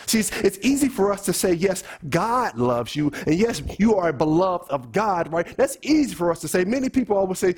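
A man's voice: high voice, very animated, normal speed, hardly any pauses, a little mellow, breathy edge. A man preaching a sermon, earnestly questioning his congregation.

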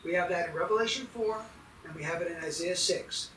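A man's voice: high voice, brisk, reverberant, far from the mic, very noisy. A man preaching a sermon as pastor, emphatic and putting questions to his congregation.

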